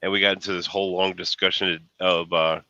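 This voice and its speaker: An American man chatting casually online, telling rambling stories with animated retellings. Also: sits low, a little fast, dry recording, dull audio. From United States. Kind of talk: casual chat.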